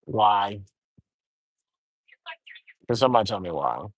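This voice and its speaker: A man's voice: lowish voice, expressive, takes it slowly, no echo. A man chatting casually on a live stream outdoors at a zoo, wry and grumbling as he talks to himself. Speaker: livestreamer.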